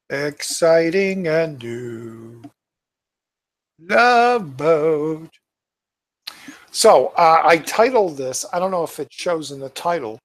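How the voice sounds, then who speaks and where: A man's voice: a little high, gravelly. A tired man hosting his own channel, chatting casually and reading viewer comments aloud in a rambling, muttering way. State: tired, yawning. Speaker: YouTube channel host. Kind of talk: casual live-stream chat.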